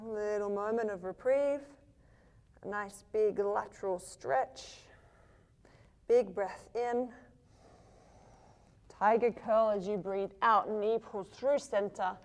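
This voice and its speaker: A woman teaching a yoga class, calmly cueing poses and breaths while moving, breathing heavily herself. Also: medium pitch, slow pace, long pauses. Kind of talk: guiding a yoga flow.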